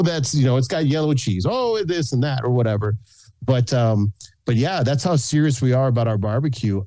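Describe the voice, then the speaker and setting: In a dark-toned, mid-range voice with no room sound, a San Antonio man who makes food content tells casual stories during a podcast interview. He laughs often and acts out the people he's quoting.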